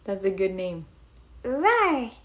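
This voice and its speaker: A woman's voice: mid-range voice, measured pace, a little mellow. A young woman live-streaming, chatting casually and giggling as she thanks her viewers.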